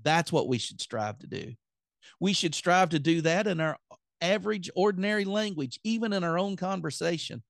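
A man's voice: high-pitched, lively intonation, normal speed, creaky, dry recording, studio quality. A man with a Southern accent preaching an earnest, plain-spoken sermon on his podcast.

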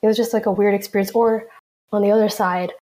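Young American woman co-host, mid-pitched, thoughtful and casual. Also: steady tone, fast, mellow. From United States. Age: young adult. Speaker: podcast co-host. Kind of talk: casual podcast discussion.

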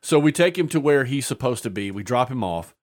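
An easygoing man recounting a tabletop session with loose, unhurried storytelling. His voice sits at an ordinary middle pitch. He scatters "uh"s throughout and laughs at his own jokes. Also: lively intonation, background noise. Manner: laughs often while telling a story, with many filler "uh"s. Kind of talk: casual storytelling chat.

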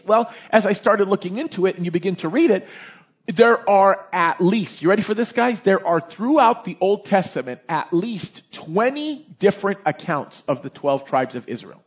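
Male Bible teacher, animated and questioning, husky voice, lo-fi sound. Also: high voice. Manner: animated, often asks "right?". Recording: dull lo-fi recording.

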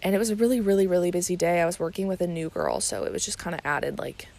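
A woman's voice: on the low side, lively intonation, fast, gravelly, a little mellow. A young woman hosting a casual solo podcast, chatty and rambling, with many fillers and restarts. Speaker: podcast host.

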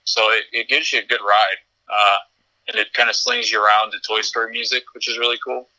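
A man's voice: fairly low pitch, fairly quick, pushed and bright, poor audio. A man in a casual podcast chat, telling a story in a chatty way, laughing often and restarting his sentences.

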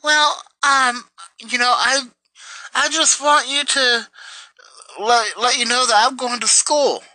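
Man putting on a high, whiny, baby-talking young woman, sharp and bratty. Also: steady tone, slow pace, dry recording, heavily acted, low-quality recording. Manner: simpering, mocking baby talk.

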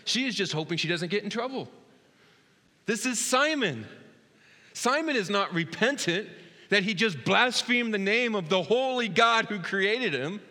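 A man in his thirties preaching a sermon as pastor, earnest, dropping to a hush and then rising loud and excited. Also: high-pitched, measured pace. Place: church sanctuary. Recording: long hall reverb.

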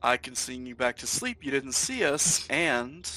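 A man playing a tabletop game, jokey and quick to laugh, on low-quality home audio. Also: big pitch swings, sharp tone. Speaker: player.

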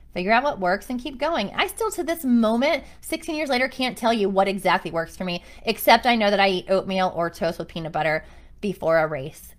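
A woman in her thirties, a running coach, chatting to her group in an upbeat, encouraging way and acting out what people say. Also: medium pitch. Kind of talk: casual chat to a running group.

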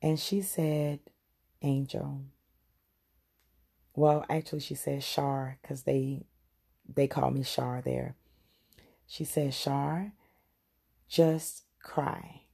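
Slow, gravelly-voiced woman sharing testimony. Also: rumbling low, level tone, warm tone. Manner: heartfelt, speaks straight to listeners. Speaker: podcast host. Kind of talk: personal testimony.

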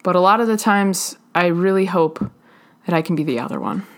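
Earnest woman preaching slowly. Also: on the low side. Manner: slow, halting, earnest delivery with pauses. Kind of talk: sermon.

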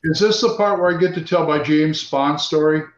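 A man's voice: fairly high pitch, normal speed, a crowd in the background. A man joining a casual podcast chat, eager to chime in with a story. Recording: roomy, muffled call audio.

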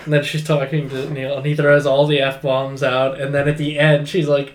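A man's voice: a little high, completely flat delivery, moderate pace, hardly any pauses. Eager laughing man, echoey room. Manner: eager, acts out quotes, laughs often. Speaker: podcast co-host. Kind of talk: casual movie chat.

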